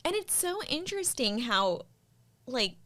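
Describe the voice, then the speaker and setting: A woman's voice: high-pitched, big pitch swings, measured pace, a bit bright. Young woman w/ florida accent, chatty and giggly, voice bounces all over. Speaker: podcast co-host. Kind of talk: casual chat.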